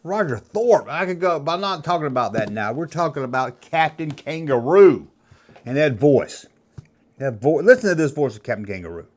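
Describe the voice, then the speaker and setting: A man's voice: on the high side, very animated, normal speed, darkish tone. A man in his fifties hosting a video, rambling in a casual, chatty way as he reminisces. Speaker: YouTube host. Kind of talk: casual nostalgic monologue.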